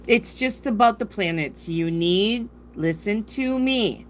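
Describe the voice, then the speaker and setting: Medium-pitched and animated yet slow, a woman's voice carries a northern US accent from South Dakota, with a little hiss or hum behind it. As a tarot reader on a live stream, she's chatty and rambling, reading out what viewers ask.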